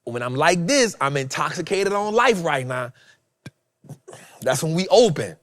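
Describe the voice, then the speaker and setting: A fairly high-voiced man delivers a preachy motivational talk as host. He swings from loud bursts to hushed asides and leans on repetition. The sound is close and dry. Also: dry recording. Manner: animated, swings loud and soft, repeats phrases.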